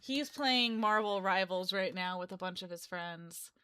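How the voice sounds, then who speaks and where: A woman's voice: medium pitch, a little slow, sharp tone, clear, resonant tone. A woman in her twenties chatting casually on a live stream, rambling and correcting herself as she goes. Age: 20s. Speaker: live streamer and game developer.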